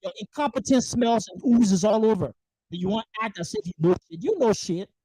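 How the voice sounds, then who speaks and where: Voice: mid-range voice, lively intonation, a little fast, warm tone, husky, no room sound, low-quality recording. Fierce, swearing political livestream host. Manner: fierce, emphatic, repeats rhetorical questions, swears. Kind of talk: angry political monologue. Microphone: livestream microphone.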